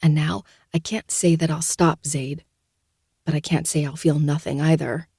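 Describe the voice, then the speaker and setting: Low-voiced woman reading a novel aloud. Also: little pitch movement, moderate pace, vocal fry, mellow, husky, no echo. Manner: dry, sardonic first-person reading. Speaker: podcast host reading a novel. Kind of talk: audiobook narration.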